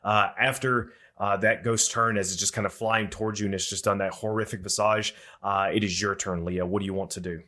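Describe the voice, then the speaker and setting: A man narrating and running a tabletop role-playing game as game master, describing scenes in a relaxed way. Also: fairly low pitch. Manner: relaxed, descriptive, quick with questions.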